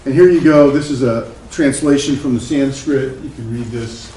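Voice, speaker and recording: A man's voice: medium pitch, moderate pace, mellow, slight background noise, low-quality recording. A man giving a classroom lecture as a psychology professor, loose and conversational, with many fillers and asides.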